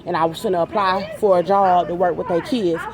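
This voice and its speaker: A woman's voice: fairly low pitch, steady tone, brisk, crowd noise. A woman in an agitated, rambling monologue to camera, profane and repeating herself. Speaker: vlogger. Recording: noisy background ambience.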